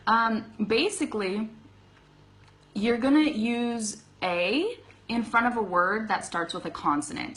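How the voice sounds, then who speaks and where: A woman's voice: medium pitch, lively intonation, takes it slowly, fairly bright tone, poor audio. A woman with a Californian accent giving a live online English lesson, chatty, laughing often and checking in with "okay?". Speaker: English teacher.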